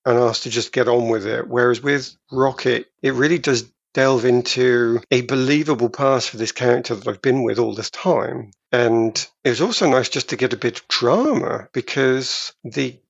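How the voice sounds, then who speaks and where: A man co-hosting a podcast, talking through a film in a deliberate, emphatic way, stretching some words for effect. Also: mid-range voice, gravelly, dry recording, muffled recording. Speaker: podcast co-host. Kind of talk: casual film discussion.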